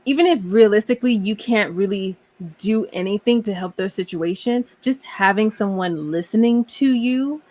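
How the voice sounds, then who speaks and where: A woman's voice: medium pitch, normal speed, a little mellow. A woman in a casual chat, speaking earnestly and emphatically as she vents about work.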